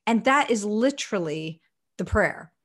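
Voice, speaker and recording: A woman's voice: medium pitch, measured pace. A woman guest in an interview, earnestly telling stories and acting out what people said. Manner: earnest, animated, acts out quotes. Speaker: ministry guest. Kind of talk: conversational storytelling.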